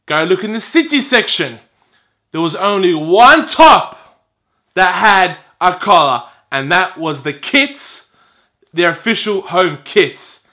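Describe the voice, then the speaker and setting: A man in his twenties telling a personal story to camera in a casual, animated way, acting out the exchanges he describes. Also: high voice, a little slow. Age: 20s. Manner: animated, exasperated, acts out quoted exchanges.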